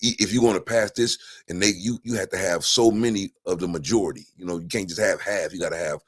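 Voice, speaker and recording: A man's voice: low voice, fast. A man chatting casually about politics on a talk show, rambling with many restarts and fillers. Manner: animated storytelling. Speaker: guest.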